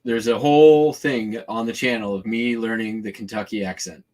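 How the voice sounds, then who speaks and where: A man's voice: lowish voice, fairly even intonation, normal speed, a little mellow. A man hosting a casual shipping vlog, talking loosely with lots of fillers while describing hand gestures. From Washington state, US. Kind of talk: casual rambling chat.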